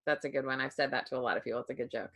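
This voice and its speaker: A woman hosting a podcast in casual chat, rambling with many fillers and quick to laugh. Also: extremely low pitch, fairly even intonation, a bit bright. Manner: chatty, rambling, lots of likes and ums, laughs easily. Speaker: podcast host.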